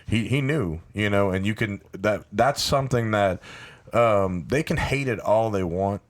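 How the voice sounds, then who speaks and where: A man's voice: on the low side, a little slow. A man from South Louisiana with a Cajun accent, talking bluntly and with energy as a podcast guest, swearing freely. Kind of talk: casual podcast chat.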